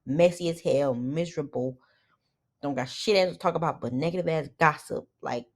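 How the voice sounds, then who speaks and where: A woman's voice: low voice, moderate pace. A young woman recapping a reality show in blunt, profane, opinionated casual commentary.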